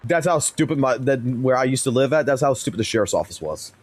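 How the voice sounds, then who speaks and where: A man's voice: medium pitch, expressive, fast talker. A man in his thirties telling a story on a live stream, blunt and heated, swearing constantly.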